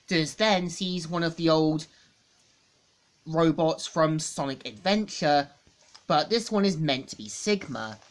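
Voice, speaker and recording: A woman reviewing a comic book, loosely retelling the story and repeating the same phrases. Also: sits low.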